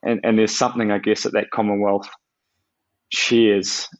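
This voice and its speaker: New man, animated storytelling chat. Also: lowish voice, normal speed, lo-fi sound. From New Zealand. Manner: animated, storytelling, hesitant fillers. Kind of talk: casual chat.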